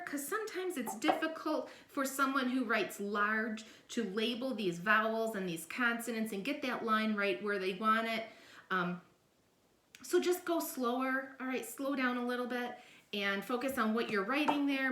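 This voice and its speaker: A woman's voice: on the high side, a bit bright, reverberant. A woman teaching a phonics lesson, patiently sounding out letters and syllables step by step.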